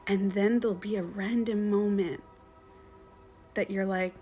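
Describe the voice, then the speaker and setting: A woman's voice: mid-range voice, steady tone, measured pace, warm tone. A woman who works as a meditation coach, rambling in a casual live-stream monologue with lots of swearing.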